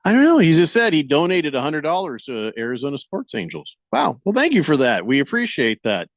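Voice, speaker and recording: A man's voice: on the high side, wildly swooping pitch, fairly quick, no echo. A man hosting a casual sports radio show, rambling and joking, often stumbling over words and acting out quoted voices. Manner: rambling, jokey, stammers and restarts; acts out quoted voices for laughs.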